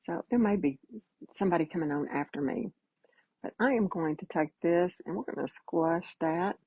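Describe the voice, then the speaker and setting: This painting instructor talks viewers through a live demo in a chatty, folksy, relaxed manner, her drawl carrying a low, faintly husky voice. She's animated and moves at a moderate pace. The sound is darkish and dry, right up close with no room around it and the highs cut off.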